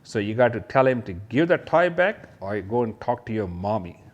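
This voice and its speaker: A man teaching kindergarten children, talking straight to them about letters and toys in a slow, sing-song way and imitating sounds. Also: on the low side, big pitch swings, lo-fi sound.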